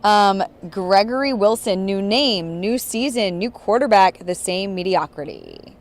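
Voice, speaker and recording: A woman reads viewer comments aloud to her co-host and quips about them in a brisk, wry way, her pitch sitting in a middle range. She keeps the chat moving with quick agreements. She's outdoors at a stadium. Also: sing-song. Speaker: sports reporter. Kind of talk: casual post-game chat, reading viewer comments.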